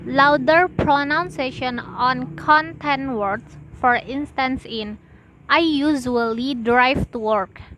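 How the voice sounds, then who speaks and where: A young woman, a student presenter, reading lesson notes aloud with deliberate pauses between phrases. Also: high voice, a bit bright, slight background noise, rough recording.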